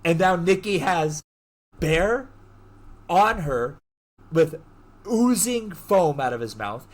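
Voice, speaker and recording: Podcast host, male, slightly higher voice, animated casual storyteller who acts out the dialogue. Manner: animated, acts out the characters' lines in quick bursts; swears casually, heavy use of "like". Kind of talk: casual chat, retelling a movie plot.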